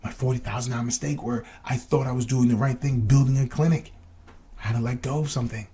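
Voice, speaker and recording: Mellow-voiced man telling a personal story. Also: medium pitch, fairly even intonation, fast talker, slightly rough. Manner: casual, rambling, with many restarts and fillers; addresses listeners directly with reflective questions. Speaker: podcast host.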